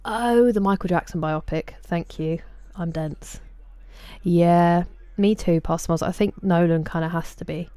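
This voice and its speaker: A woman's voice: lowish voice, a little slow, warm tone, no room sound. A woman streamer in casual live-stream chat, answering viewers' messages by name at a desk microphone in a room at home.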